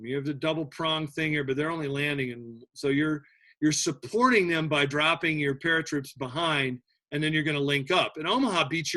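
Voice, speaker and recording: Lively, bright-voiced male history teacher. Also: on the high side. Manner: animated, joking, with many restarts. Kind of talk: classroom lecture.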